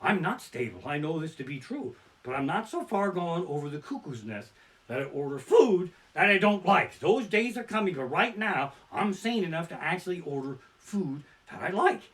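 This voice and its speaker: Swearing, animated stand-up comic ranting. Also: male voice, on the high side, moderate pace. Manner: ranting, swearing, swinging between mutters and outbursts. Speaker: stand-up comedian. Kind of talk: profane stand-up storytelling. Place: his living room. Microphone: barebones home setup.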